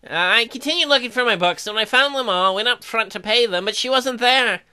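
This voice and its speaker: A woman reading dating-sim narration aloud in a deadpan way, broken up by crude joking asides. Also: on the high side, brisk, clean tone.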